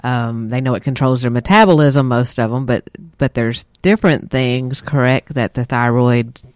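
A man's voice: mid-range voice, normal speed, no room sound, studio quality. A man on a podcast speaking casually and hesitantly, with fillers and repeated words.

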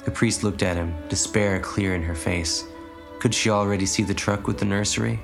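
A man narrating an audiobook story in a measured, even way. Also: on the low side, creaky, music in the background. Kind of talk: audiobook reading.

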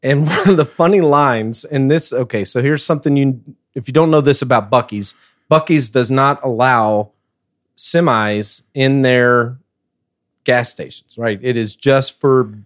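A middle-aged man co-hosting a podcast, telling a story in a casual, animated way with frequent laughter. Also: mid-range voice, unhurried. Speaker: podcast co-host.

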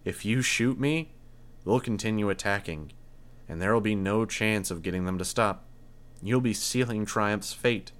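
A man voicing a calm, measured young woman with insect powers in an audiobook reading. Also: on the low side, clean tone. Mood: cool. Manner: cool, measured.

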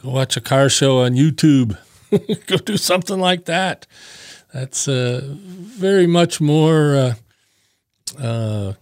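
A man's voice: mid-range voice, no room sound. Rambling male podcast host, dry sound. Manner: rambling, many fillers, chuckling asides. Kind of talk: casual solo podcast monologue.

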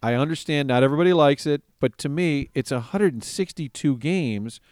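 A man's voice: fairly high pitch, brisk, no echo, studio quality. A man interviewing a fellow broadcaster in casual podcast chat, telling stories and acting out what people said. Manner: animated storyteller who acts out quoted people.

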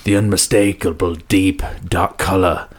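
A man putting on a slow, exaggerated beer-commercial announcer voice. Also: sits low, steady tone, crowd noise, voice pushed down. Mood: mock-serious. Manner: slow, rich, exaggerated advertising delivery.

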